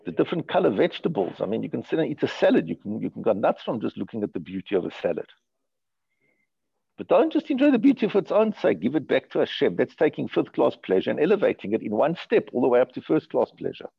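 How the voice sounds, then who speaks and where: A man teaching a Torah class in an animated way, asking rhetorical questions and often repeating his words. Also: medium pitch, fast, gravelly, husky. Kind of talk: Torah lecture. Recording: dull lo-fi recording.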